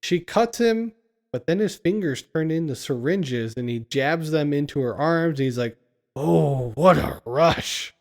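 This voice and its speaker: Man, fairly high voice, casual film recap, chuckles through it, podcast co-host. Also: expressive, moderate pace, darkish tone. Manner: laughs often while retelling scenes.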